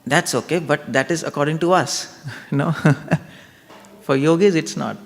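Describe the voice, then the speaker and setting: A man lectures on scripture in a gravelly voice, questioning and reasoning aloud as he draws in his listeners. His voice rings out with a long reverb through a large temple hall. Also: fairly high pitch, a little slow. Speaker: spiritual lecturer. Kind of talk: interactive spiritual lecture.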